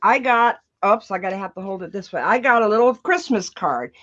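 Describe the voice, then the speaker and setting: A woman's voice: medium pitch, expressive, brisk, fairly bright tone. Upbeat woman on dull remote audio. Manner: upbeat and eager, greeting viewers. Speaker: guest artist. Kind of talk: casual live-stream chat.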